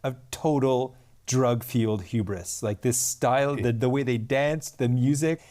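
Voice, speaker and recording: A tired man, chatting casually with a friend while they solve a crossword together, quick to laugh at his own jokes. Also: medium pitch, dark tone. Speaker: podcast co-host. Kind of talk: casual chat solving a crossword. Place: Kathmandu.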